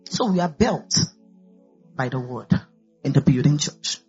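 A woman's voice: rumbling low, animated, unhurried, dark tone. Woman pastor preaching. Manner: preachy, peppered with hallelujahs and glory to God. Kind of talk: sermon. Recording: dull lo-fi recording with faint music.

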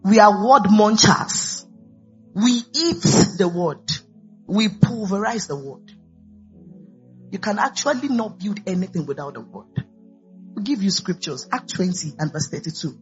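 A woman's voice: mid-range voice, expressive, measured pace. Lady pastor preaching, tossing in hallelujahs and glory to god, muffled lo-fi sound, faint music. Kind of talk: sermon. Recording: dull lo-fi recording with faint music.

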